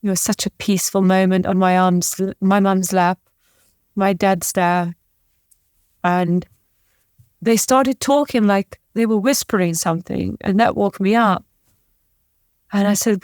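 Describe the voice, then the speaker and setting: A woman's voice: mid-range voice, fairly even intonation, measured pace, pauses often, darkish tone, no room sound. Woman telling a painful story, dry sound. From former Yugoslavia. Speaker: podcast guest. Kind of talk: personal storytelling in an interview.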